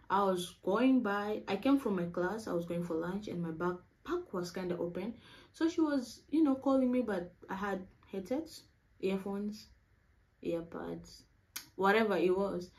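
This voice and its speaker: A young woman from Africa, a university student, chatting quickly and casually to camera, saying "y'all". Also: mid-range voice, a little mellow, rough recording. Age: young adult.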